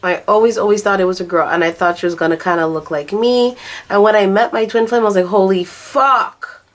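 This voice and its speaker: A woman's voice: medium pitch, fairly even intonation, a little fast. A young adult woman chatting candidly while doing her makeup, swearing now and then and laughing at herself. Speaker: vlogger.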